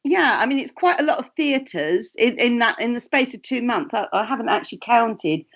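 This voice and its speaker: A woman's voice: a little high, animated, moderate pace. A woman from England who reads tarot and acts, chatting casually as a co-host and rambling with restarts and asides. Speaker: tarot reader and actress, co-host. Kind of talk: casual chat. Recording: dull, muffled lo-fi sound.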